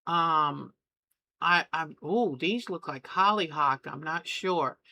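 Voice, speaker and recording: A woman's voice: low-pitched, slow pace, pushed and bright. A middle-aged woman hosting a quilting channel, chatting and gushing as she shows family photos. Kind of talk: casual chat while showing photos.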